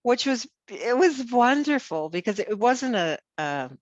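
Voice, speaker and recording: A woman's voice: a little high, very animated, a little slow, dry recording, dull audio. A woman host in a casual chat, rambling with lots of "you know" and restarts. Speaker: podcast host.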